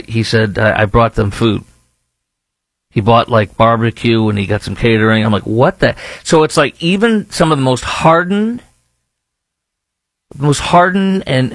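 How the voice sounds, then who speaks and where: A man's voice: mid-range voice, dry recording. A man with a Texan accent hosting a talk show, rambling through casual commentary with frequent restarts and fillers. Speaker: show host.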